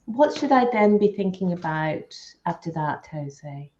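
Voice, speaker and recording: A woman's voice: on the low side, animated, a little slow, dark tone, muffled recording. A woman co-hosting a podcast interview, chatty and often restarting her sentences. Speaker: podcast co-host. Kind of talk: interview conversation.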